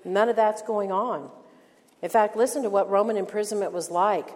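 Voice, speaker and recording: An older woman teaching a women's Bible study in an earnest, emphatic sermon style, slowing down to stress key phrases. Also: medium pitch, darkish tone. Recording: long hall reverb.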